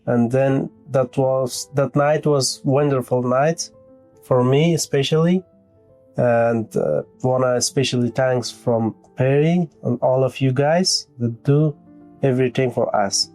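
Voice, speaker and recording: A man from Afghanistan speaking hesitantly in a testimonial interview, pausing often with fillers as he talks in his second language, with soft guitar music underneath. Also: medium pitch. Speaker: fiancé of the client.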